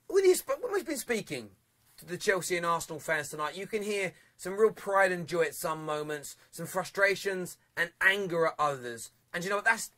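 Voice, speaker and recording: Bright-voiced male phone-in host. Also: fairly high pitch. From England. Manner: chatty, upbeat, quick to laugh. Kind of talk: live football phone-in hosting.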